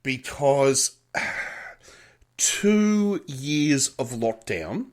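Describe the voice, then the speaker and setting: An Australian man co-hosting a relaxed podcast over cocktails. His pitch moves up and down a lot as he chats, laughing easily. He sits at a middling pitch for a man. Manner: chatty, laughs often, quick to apologise. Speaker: podcast co-host. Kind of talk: casual chat over cocktails. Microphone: remote virtual studio setup.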